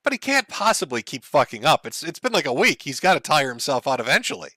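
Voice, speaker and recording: Male commentary host, sarcastic and mocking, animated, slightly high. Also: fast talker, no room sound, clean studio sound. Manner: sarcastic, mocking, laughs often. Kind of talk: online commentary stream.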